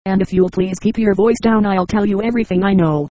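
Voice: mid-range voice, steady tone, a little fast, no room sound, lightly acted, low-quality recording. A synthetic narrator voicing a nervous teen boy agent. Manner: nervous, hushed, talkative. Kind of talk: audiobook dialogue.

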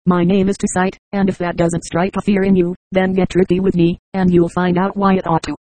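An audiobook narrator voicing a brisk, stern female palace courtier who speaks curtly. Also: mid-range voice, flat delivery, a little mellow, no echo, close to an everyday voice. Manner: curt and commanding.

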